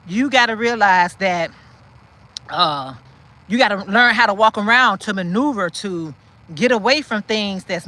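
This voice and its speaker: A woman's voice: medium pitch, bright, forceful tone. A woman hosting a walk-and-talk chat, who preaches encouragement, repeats lines for emphasis and answers viewer comments as she walks outdoors. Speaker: channel host. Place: outdoors, walking in a city.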